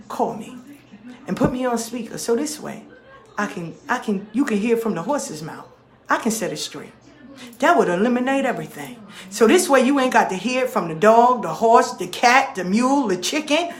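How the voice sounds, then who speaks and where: A woman's voice: a little high, lively intonation, moderate pace, echoey room. A woman hosting her own talk show, speaking bluntly and with a lot of swearing to her followers, acting out both sides of conversations. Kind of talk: casual monologue to followers.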